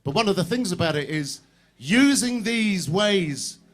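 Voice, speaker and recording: Male activist, fairly high voice, animated, stirs up the crowd at an outdoor rally. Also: a little slow. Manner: animated, swears casually, rallies the crowd with questions. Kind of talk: impassioned outdoor rally speech. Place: outdoor public square rally.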